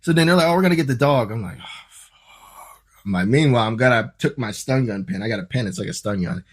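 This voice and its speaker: A man from Ohio telling a story as a podcast guest, casual and animated, swearing freely and acting out his own reactions. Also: mid-range voice, racing. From Ohio, USA.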